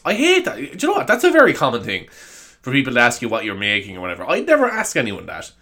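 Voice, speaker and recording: A man's voice: medium pitch, wildly swooping pitch, fast talker, pushed and bright. An Irish man hosting a podcast, rambling and joking in a casual comedic monologue, swearing and laughing as he goes. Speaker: podcast host.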